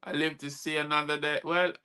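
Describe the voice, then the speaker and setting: Bright-voiced poet host. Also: male voice, a little high, little pitch movement, brisk, smooth. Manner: rhythmic rhyming delivery, chuckles at own lines. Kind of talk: spoken-word poetry performance.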